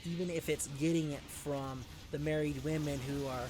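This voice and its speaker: A man's voice: fairly high pitch, moderate pace, music in the background. A man hosting his channel who tells a story casually over gameplay and keeps asking rhetorical questions. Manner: rhetorical questions, animated retelling. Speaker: channel host.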